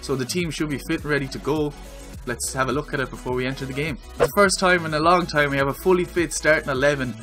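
An Irish man giving his own excitable commentary while playing a football video game, yelling at the screen during big moments. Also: on the high side, quick pace, over music. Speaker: gaming video creator.

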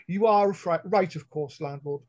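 An arrogant, rich merchant speaks with smooth, haughty condescension, as a male reader voices him. His voice sits a little higher than the narration. The audio is dull and lo-fi. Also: normal speed, a little mellow, natural voice. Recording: dull lo-fi online call audio.

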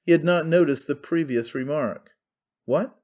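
A man's voice: medium pitch, moderate pace, a little mellow, lo-fi sound. Man narrating an audiobook. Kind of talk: scripted narration.

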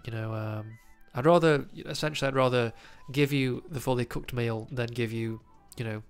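Man, nasal from a cold, gravelly voice, chatty news host, faint music underneath. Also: mid-range voice, normal speed. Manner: chatty, lots of ums and uhs. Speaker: trading card news host. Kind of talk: casual commentary to camera.

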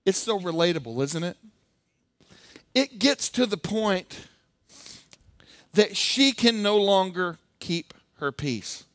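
A male pastor delivers a sermon as lively, humorous storytelling. His voice sits a little high and he takes his time, with dry, close sound. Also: slow pace, long pauses, no room sound.

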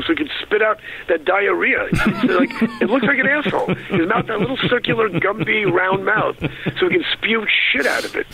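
Gravelly profane ranting man in his 60s. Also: high-pitched, muffled recording. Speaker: comedian guest. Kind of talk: casual phone interview. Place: home.

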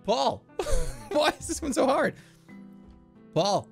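A man's voice: very high voice, big pitch swings, takes it slowly, gravelly, soft background music. A man in his thirties giving playful live-stream game commentary, swearing and laughing.

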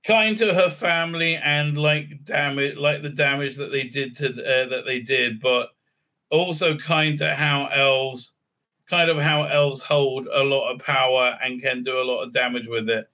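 A man's voice: mid-range voice, pushed and bright. A man giving a sarcastic, profane solo review rant, rambling with lots of fillers and restarts. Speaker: video reviewer.

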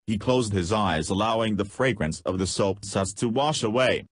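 A man's voice: fairly low pitch, animated, moderate pace, dry recording. A man narrating an audiobook, reading in a scripted way and voicing punctuation marks aloud.

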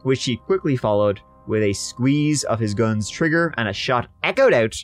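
A man's voice: mid-range voice, moderate pace, soft background music. A British man co-hosting a podcast, telling a true crime story in a casual, jokey way and acting out quotes. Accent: British English. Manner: animated, jokey, acts out quotes in bursts. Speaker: podcast co-host.

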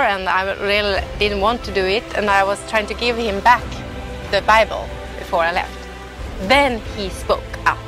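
A woman telling her personal faith story in an emotional, halting way, often restarting her sentences. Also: fairly high pitch. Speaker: testimony speaker.

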